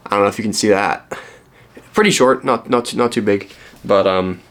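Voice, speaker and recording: Rambling low-voiced man chatting about books. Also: moderate pace, fairly bright tone. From Canada. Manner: rambling, self-deprecating, many ums and restarts. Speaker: book vlogger. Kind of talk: casual chat showing thrifted books.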